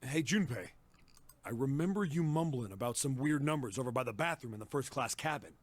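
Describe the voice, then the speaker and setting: A man's voice: medium pitch, animated, fairly quick, close to an everyday voice. An actor playing a practical, matter-of-fact man in a game who urges others on. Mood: urging. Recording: faint game music underneath.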